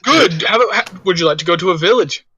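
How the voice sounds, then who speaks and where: A man playing a tabletop game, chatting casually with a giggly, halting way of talking. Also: sits high, expressive, pushed and bright, dull audio, a little hiss or hum. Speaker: player.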